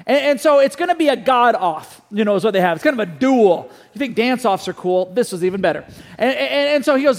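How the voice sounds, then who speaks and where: A man preaching a sermon, telling a story with animated delivery and putting questions to the listeners. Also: very high voice, brisk, long reverb tail. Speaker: pastor.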